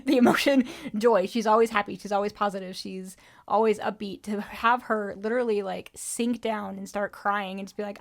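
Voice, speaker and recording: A woman's voice: mid-range voice, fairly even intonation, moderate pace, gravelly. A woman co-hosting a podcast in casual chat, reflective and chatty, laughing easily and using many fillers. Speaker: podcast co-host.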